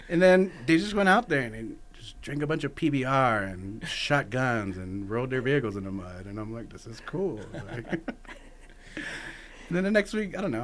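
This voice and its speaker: A man's voice: medium pitch, a bit bright, slight background noise. A man from Texas, a podcast guest, telling stories in a laid-back, casual way, swearing freely and laughing often. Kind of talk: casual conversation.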